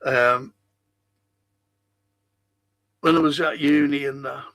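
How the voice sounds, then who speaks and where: Slow gravelly older man. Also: mid-range voice, steady tone, a bit bright. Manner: rambling, chatty, drawn-out. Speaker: podcast host. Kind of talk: casual chat reading listener messages.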